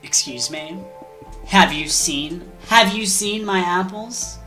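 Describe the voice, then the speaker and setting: A woman's voice: sits low, animated, unhurried, a bit bright, soft background music. A woman voicing a proud, short-tempered goddess who scoffs and swears indignantly.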